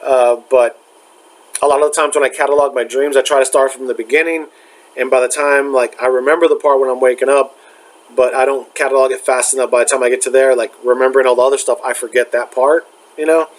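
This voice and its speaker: A young man talks casually, circling back and restarting often. His voice sits at an ordinary middle pitch, and his story comes out halting and searching, thick with fillers. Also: steady tone, low-quality recording. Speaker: spiritual vlogger.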